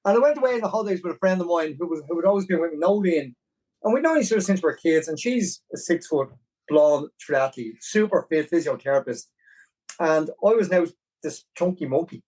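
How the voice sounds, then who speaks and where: A man in his forties with a Dublin Irish accent, a podcast guest telling his story in an animated, self-deprecating way. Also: on the high side, fairly quick, recorded from a distance, low-quality recording. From Ireland. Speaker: podcast guest, marathon runner. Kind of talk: casual storytelling interview.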